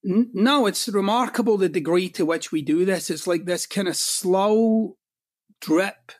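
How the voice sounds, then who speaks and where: A man's voice: sits high, unhurried, no room sound, studio quality. A middle-aged Scottish man, a guest author in a podcast interview, speaking bluntly and emphatically. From Scotland. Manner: blunt, emphatic, swears for punch.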